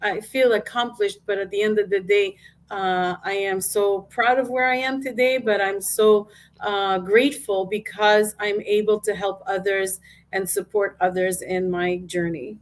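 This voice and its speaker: A woman's voice: medium pitch, fairly even intonation, a little slow. A middle-aged woman, a business coach and guest speaker, telling her life story in an interview with emotion and acted-out quotes.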